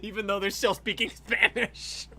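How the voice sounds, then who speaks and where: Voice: mid-range voice, flat delivery, normal speed, sharp tone, slight background noise. A co-host in casual chat, rambling, laughing often and swearing casually.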